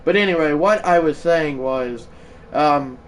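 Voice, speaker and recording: A man streaming a baseball video game live, chatting loosely and bursting into shouted play-by-play calls. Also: on the high side, a little slow, distant mic, rough recording. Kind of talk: live gaming stream commentary.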